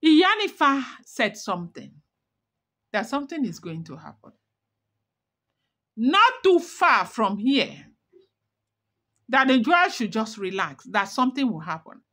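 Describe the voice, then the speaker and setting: A woman's voice: a little high, very animated, unhurried, long pauses, fairly bright tone. A woman narrating celebrity gossip in a dramatic, repetitive, emphatic way.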